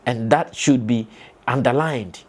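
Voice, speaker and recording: Man giving animated commentary. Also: mid-range voice, a little slow. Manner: animated, rhetorical questions, repeats points. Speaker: entertainment show host. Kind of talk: opinionated commentary.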